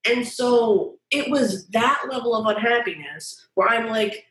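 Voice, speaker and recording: Woman guest, fairly high voice, vivid, foul-mouthed storyteller, roomy echo. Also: a little slow, few pauses. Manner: animated, profane, acts out quoted voices. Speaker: guest designer. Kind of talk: candid storytelling interview.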